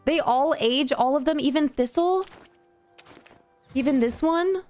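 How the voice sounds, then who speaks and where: Faint music plays behind a woman streaming a game, who chats with viewers in a bubbly, talkative way and lights up easily. She speaks a little slowly in a high voice with a darkish tone.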